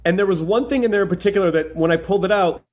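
A man's voice: high-pitched, racing, darkish tone. A man hosting a podcast, enthusiastic and chatty, with plenty of "like" fillers. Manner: enthusiastic, filler-heavy, lots of "like". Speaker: podcast host. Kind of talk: casual podcast chat.

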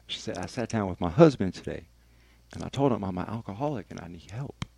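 Low gravelly-voiced man telling his story. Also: animated, fast talker, dark tone, slight background noise. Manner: emphatic, confessional, swears freely. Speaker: radio personality guest. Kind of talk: candid personal storytelling.

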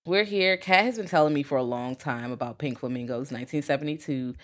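A woman with a notably low voice co-hosts a podcast, talking about films in casual chat. She is profane and lively, and she often slips into acting out quotes. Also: quick pace. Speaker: podcast co-host.

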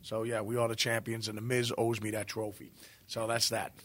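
A guest musician from New Jersey talks in a casual interview, his voice on the low side, fairly quick, a bit bright, and with little pitch movement. He rambles and swears freely, laughing often as he tells stories.

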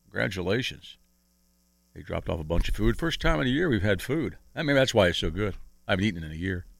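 A man's voice: on the low side, sing-song, fast talker, gravelly, no echo. A man co-hosting a radio talk show, joking and teasing his co-hosts in casual banter. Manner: joking, teasing, laughs often. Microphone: studio microphone.

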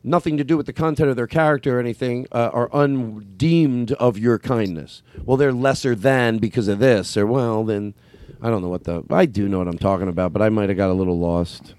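A man's voice: medium pitch, brisk, darkish tone, dry recording. A man with a Philadelphia accent, hosting a casual chat, talking in a rambling, self-correcting way and swearing freely. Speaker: podcast host.

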